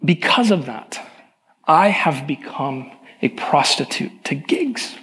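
A man's voice: fairly high pitch, expressive, takes it slowly, a bit bright. A middle-aged male pastor giving a sermon, telling personal stories in a candid, confessional way. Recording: long hall reverb.

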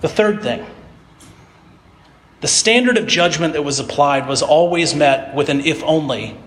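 A fairly high-voiced man preaches, retelling old parables in a loose, conversational storytelling manner. His voice rings out with a long, echoing reverb around a big hall. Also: animated, a little slow, a bit bright. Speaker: pastor. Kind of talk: sermon.

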